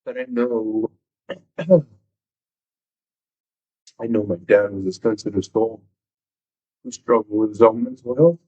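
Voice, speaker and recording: A man's voice: on the low side, takes it slowly, pauses often, slightly rough, lo-fi sound. A man hosting a livestream, talking openly and casually about family and relationships, swearing freely, and reading passages aloud. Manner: candid and open, swears casually. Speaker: livestream host.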